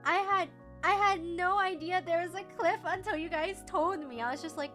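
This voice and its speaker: Super high-pitched girl streamer, giggly and bubbly, just chatting, some faint music behind. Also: normal speed, bright, forceful tone. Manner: giggly, bubbly, swears casually. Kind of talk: casual chat.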